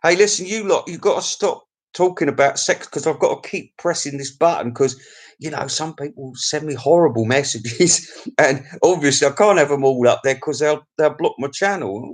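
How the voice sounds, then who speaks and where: A man's voice: on the high side, normal speed. A man chatting on his own live stream into a desk mic. He rambles cheekily and crudely between viewer comments, laughing often. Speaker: YouTube live-stream host.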